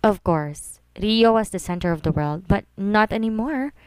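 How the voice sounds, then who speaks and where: A woman's voice: mid-range voice, expressive, moderate pace, clean tone, no room sound, close to an everyday voice. Woman reading a poised, proud young rival. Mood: earnest.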